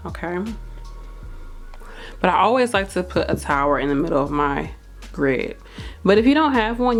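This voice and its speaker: A woman hosting a casual how-to video, talking in a chatty, encouraging way with many fillers. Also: low voice. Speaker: crystal shop owner and video host. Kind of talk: casual how-to talk to camera.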